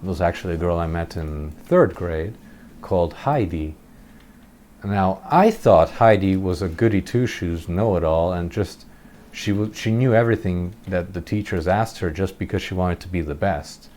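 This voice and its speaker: A man's voice: low voice, moderate pace, a little mellow, slight background noise. A man telling a rambling childhood story while commentating gameplay, chuckling at himself now and then. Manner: rambling, chuckling, self-deprecating. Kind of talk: casual storytelling over gameplay.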